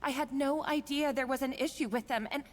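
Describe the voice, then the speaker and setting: A woman voicing a timid, guilt-ridden young female cook in a video game, halting, apologetic and stammering. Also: high voice, lightly acted. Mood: remorseful. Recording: game audio with long reverb and faint music.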